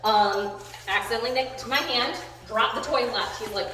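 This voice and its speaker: A woman dog trainer giving a live demonstration, switching between bursts of excited praise and calm explaining. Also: a little high, normal speed. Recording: very echoey room, voice from far off the mic.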